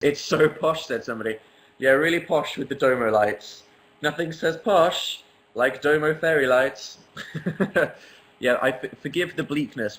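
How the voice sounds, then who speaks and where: A man's voice: mid-range voice, fairly bright tone, slight background noise, poor audio. A young English man chatting casually on a livestream from his apartment living room, reading viewer comments aloud with a wry, self-mocking humor. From England. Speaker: livestream host.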